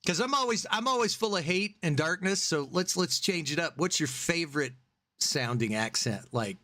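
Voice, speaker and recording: Lively Oklahoma man hosting a podcast. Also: on the high side, normal speed, no room sound, clean studio sound. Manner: animated, jokey, does mocking voices. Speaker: podcast co-host. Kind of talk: casual chat.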